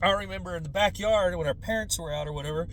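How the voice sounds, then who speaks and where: This commentator is a man in his forties with a high voice who talks fast, with a slight hiss or hum in the audio. He delivers a casual, profane comedic rant about politics and generations, animated and full of quoted voices.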